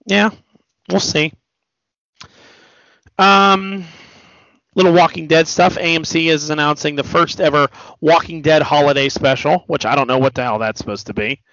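A man's voice: a little high, normal speed, long pauses, a bit bright, no room sound. A man hosting a podcast, chatting loosely about pop culture in a rambling way and swearing freely. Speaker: podcast host. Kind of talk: casual pop culture chat. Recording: dull lo-fi dry recording.

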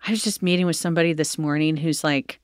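A host with a mid-range voice running a relaxed interview. They cut in with teasing follow-up questions and quick reactions. The sound is dry and close. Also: mid-range voice, no echo. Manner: playful, probing interviewer. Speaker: podcast host. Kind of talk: conversational interview.

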